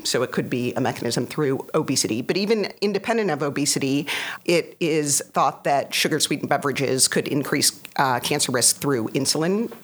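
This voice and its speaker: A woman co-hosting a podcast who calmly explains research findings in a measured way. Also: low-pitched. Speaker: podcast co-host.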